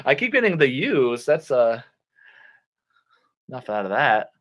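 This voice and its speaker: A man teaching children English online, reading a storybook and acting out words in a slow, clear, animated way. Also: medium pitch. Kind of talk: playful ESL lesson for children.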